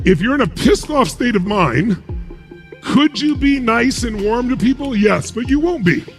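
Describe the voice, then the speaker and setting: High, lively man giving a motivational talk. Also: a little slow, soft background music. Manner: emphatic, asks rhetorical questions and answers them. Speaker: motivational speaker.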